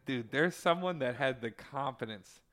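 A young man in casual chat, animated, swearing freely and acting out quotes. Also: medium pitch, normal speed.

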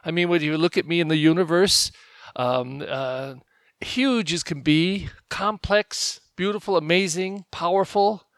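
A male pastor giving a conversational homily, telling stories and getting animated when he quotes people. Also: fairly high pitch, a little slow, clear, resonant tone, dry recording. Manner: storytelling, animated when quoting others.

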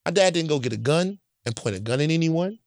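A man's voice: a little high, animated, fast, a little mellow, dry recording, clean studio sound. A man from Louisiana telling stories in a casual chat, blunt and emphatic, often checking in with "right?". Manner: profane and blunt.

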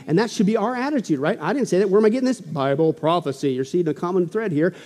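High-voiced excitable preacher man in a reverberant hall. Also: fast talker. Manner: excitable, preachy, swings between loud exclamations and hushed asides. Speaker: pastor. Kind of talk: sermon.

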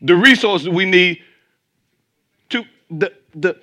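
A man preaching a sermon to his congregation, his voice a bit high and ringing bright. He drives his points home with emphatic peaks, drops into low asides, and keeps throwing questions out to the people in the pews. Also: slow. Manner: emphatic, swinging between loud climaxes and low asides. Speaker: pastor.

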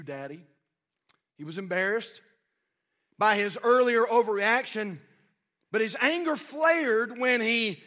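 A pastor, a man, preaches from the pulpit in a strikingly high voice. His tone is bright and forceful, and he animates stories with mimicked voices, swinging from loud exhortation to hushed tenderness. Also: in a large hall. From United States. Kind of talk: sermon. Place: church sanctuary.

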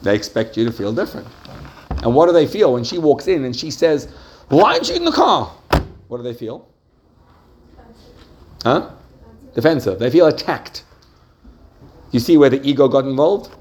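A male teacher leads a Jewish class, asking his students question after question and drawing out key points slowly. His voice sits at an ordinary pitch, with faint noise in the background. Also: dark tone. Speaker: religious teacher.

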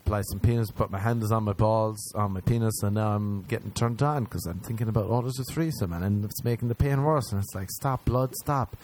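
A man's voice: fairly low pitch, a little mellow, slight background noise. A man telling a crude, self-mocking stand-up story, acting out both sides of each exchange. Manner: crude, self-mocking, acts out scenes in quick voices. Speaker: stand-up comedian.

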